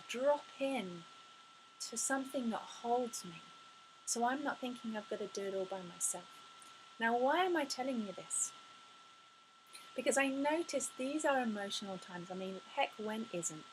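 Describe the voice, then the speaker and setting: A woman speaking as a spiritual life coach in an inspirational talk to camera, effusive and expressive, often sighing and gasping as she speaks. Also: fairly high pitch, noisy background. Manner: effusive and expressive, with frequent sighs and gasps.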